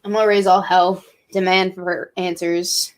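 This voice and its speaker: A woman's voice: on the low side, flat delivery, measured pace. Young woman vlogger, tipsy, emotional, swears a lot, casual chat. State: drinking, tipsy. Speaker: college student vlogger.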